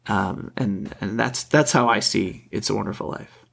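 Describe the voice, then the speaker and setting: A man co-hosting a casual film discussion, halting and restarting as he searches for his words. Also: fairly low pitch, gravelly, a bit bright, breathy edge. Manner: halting, repeats words while searching for thoughts. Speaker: podcast co-host.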